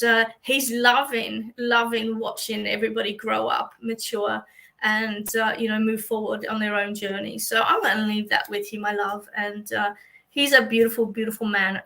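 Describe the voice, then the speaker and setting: A woman's voice: mid-range voice, vocal fry, sharp tone, poor audio. An Australian woman, a psychic medium, chatting through a livestream reading for viewers with many fillers and a reassuring manner.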